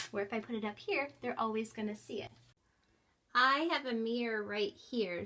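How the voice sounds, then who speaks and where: A woman's voice: fairly high pitch, a bit bright. A young woman who teaches English online gives a cheerful, chatty tour of her small home classroom, talking into a headset. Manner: cheerful and chatty, bursts into squealing acted-out reactions. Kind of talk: casual classroom tour vlog.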